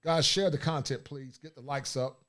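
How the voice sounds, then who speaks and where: A blunt man hosts a casual livestream and talks in a streetwise, preachy way. His voice sits at an ordinary middle pitch. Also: steady tone, normal speed, a bit bright. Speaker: livestream host.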